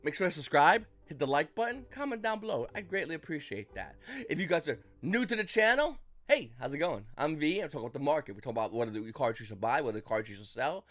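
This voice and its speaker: Male host, casual market commentary, lively pitch, rambling and playful. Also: fast, faint music behind. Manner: animated, acts out buyers' reactions in mock voices; loose, rambling delivery with restarts. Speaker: trading card market commentator.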